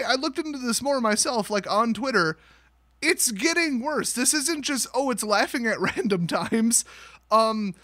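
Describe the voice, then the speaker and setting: A man's voice: sits high, sharp tone, dry recording. A man hosting a comedic news rant, sarcastic, often laughing and acting out quotes. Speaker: host.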